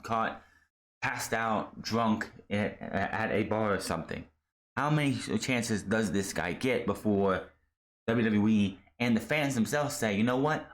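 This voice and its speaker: A man giving a blunt, exasperated casual review of a wrestling show, rambling with restarts. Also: lowish voice. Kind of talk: casual solo commentary.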